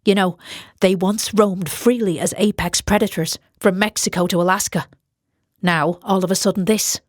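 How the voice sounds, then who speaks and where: A woman voicing a mysterious tall Irish male stranger, asking quick, pointed questions in an audiobook. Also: mid-range voice, steady tone, no echo, clean studio sound, close to an everyday voice. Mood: probing.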